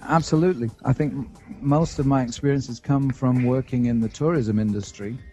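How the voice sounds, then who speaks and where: A man's voice: mid-range voice, normal speed, mellow, soft background music. A man as a podcast guest, explaining his work in an earnest, thoughtful way. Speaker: podcast guest, web designer. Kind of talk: casual interview.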